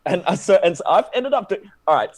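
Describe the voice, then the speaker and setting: A man with an Australian accent, a guest actor telling a story in casual chat, jumping into higher voices when he quotes people. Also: fast talker, dry recording. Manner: animated, acts out quotes in a higher voice.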